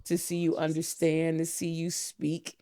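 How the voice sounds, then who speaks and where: A middle-aged woman hosting a podcast, speaking slowly and tenderly in a heartfelt spiritual talk, close to the mic and near tears. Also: deep voice, completely flat delivery, dark tone, no echo. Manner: slow, tender, emotional blessing. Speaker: podcast host, mentor.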